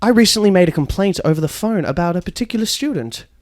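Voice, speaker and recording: A man's voice: sits high, expressive, quick pace, darkish tone. A man voicing a blind, foul-mouthed female bus tour guide in a comedic storytelling podcast. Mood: irritated, scheming. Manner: swings from chirpy guide patter to furious swearing.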